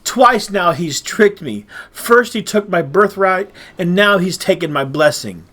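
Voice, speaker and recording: A man reading aloud and voicing a desperate grown son who begs in a high, tearful voice. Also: animated, a little slow, bright, forceful tone, exaggerated voice. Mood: bitter.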